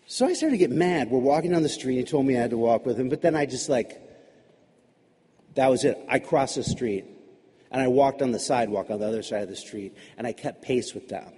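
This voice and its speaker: Brief: man storyteller, chatty and animated, warm tone, long hall reverb. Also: mid-range voice, a little fast, slightly rough. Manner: conversational, animated, many restarts. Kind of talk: live personal storytelling.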